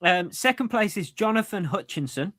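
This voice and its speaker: A man's voice: fairly high pitch, a little slow, a bit bright. A man co-hosting a running podcast over a remote call, chatty and stumbling, laughing at his own slips. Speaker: podcast co-host. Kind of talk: casual chat. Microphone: AirPods.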